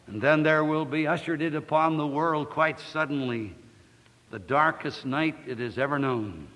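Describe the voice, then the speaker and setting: A man preaching a sermon, reading scripture in a declamatory way, slowing and rising on the quoted verses. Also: on the high side, fairly bright tone. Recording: long hall reverb.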